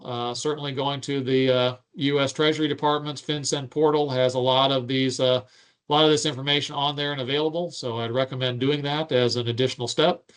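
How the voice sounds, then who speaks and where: A man with a smooth, resonant voice and a slightly raised pitch runs a webinar question-and-answer session. He reads out each question, then explains the answer at length. His talk is full of ums and uhs. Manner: explains at length, with many filler "uh"s and "um"s. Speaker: webinar presenter.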